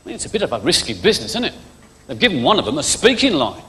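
A man's voice: a little high, huge pitch swings, rapid-fire, slight background noise. A male stand-up comedian, chatting cheekily to a live theatre audience, lapsing into mock voices for jokes. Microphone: stage microphone. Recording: live theatre recording with hall echo and loud audience. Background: audience laughter.

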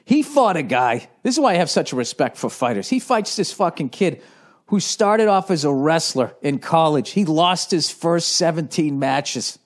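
Profane, rambling comedian with a slightly high voice. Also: male voice, normal speed. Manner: profane, animated storytelling with many restarts. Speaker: comedian hosting a podcast. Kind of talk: casual rambling monologue.

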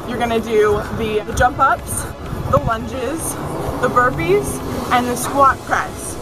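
A young woman leads a workout outdoors by the beach, her voice sitting high as she calls out moves with upbeat encouragement. Steady music plays clearly underneath her. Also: slow pace. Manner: upbeat and encouraging, giving step-by-step cues. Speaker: fitness instructor. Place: outdoors in a beach park with benches.

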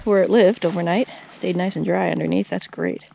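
Woman, casual vlog chat, outdoor campsite, handheld camera, gravelly, faint background noise. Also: fairly low pitch, a little fast. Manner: relaxed, chatty, with many fillers. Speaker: vlogger filming a hike. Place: outdoor campsite by a trail shelter. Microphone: handheld camera held by the speaker.

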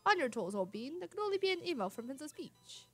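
A woman's voice: high-pitched, big pitch swings, fast talker, fairly bright tone, faint music behind, voice pushed up. A woman voicing a hearty old-fashioned male sailor with a put-on British accent.

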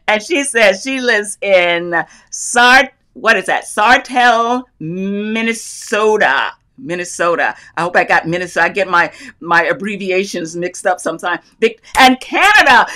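Animated and a little slow, her medium-pitched voice comes out pushed and bright. She's a middle-aged North Carolinian hosting a casual crafting livestream, gushing over viewer comments, laughing a lot, and calling out viewers' hometowns.

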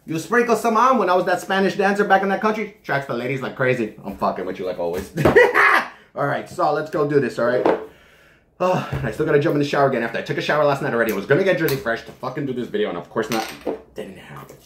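A man's voice: medium pitch, big pitch swings, quick pace, reverberant, noisy background. A man reviewing a supplement in a casual vlog from his home kitchen, joking and swearing as he rambles.

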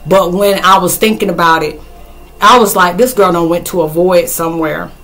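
Bright-voiced woman rambling through a story. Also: fairly low pitch, normal speed. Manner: animated, rambling, with loud outbursts; slangy, folksy phrasing. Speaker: spiritual vlogger. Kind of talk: casual storytelling recap of a movie.

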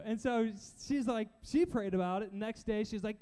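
A young man preaching to a crowd, telling stories with lively quoted voices. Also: extremely high pitch, fairly quick, hardly any pauses. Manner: animated storytelling with quoted voices. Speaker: youth pastor. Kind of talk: sermon. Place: church stage before a crowd.

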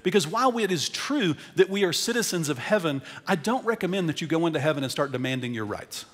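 A middle-aged American man preaching a sermon, telling a story, swinging between loud emphasis and quiet intensity. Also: on the high side, lively intonation, fast talker. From United States. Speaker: pastor. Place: large church auditorium. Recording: long hall reverb in church.

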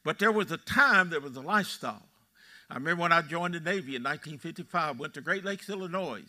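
Folksy old Texan pastor, bright voice. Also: male voice, a little high, expressive, fast. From Texas. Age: 80s. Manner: folksy storytelling, quizzing the congregation. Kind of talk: sermon. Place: church sanctuary.

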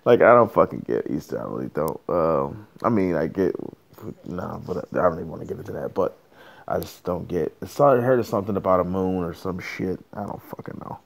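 A man's voice: deep voice, vocal fry. A man hosting a solo podcast, ranting casually in a profane, rambling, joking way. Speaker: podcast host.

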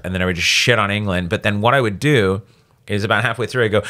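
A male comedian guest on a podcast, telling profane, animated stories and slipping into put-on English accents. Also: on the low side, quick pace. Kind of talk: casual podcast chat, storytelling. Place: recording studio.

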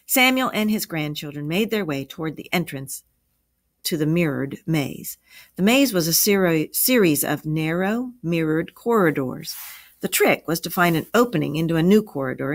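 A woman teacher reading a story aloud, then asking and answering review questions in a clear, measured way. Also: on the low side.

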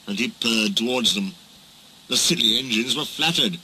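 A man narrating a children's storybook in a slow, expressive storytelling manner. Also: mid-range voice, slight background noise, poor audio.

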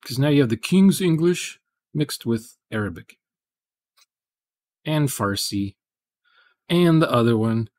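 A man's voice: medium pitch, animated, slow, long pauses, a little mellow, no echo. A man hosting a programming livestream, rambling in casual chat and muttering to himself as he codes. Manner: rambling, muttering asides while coding.

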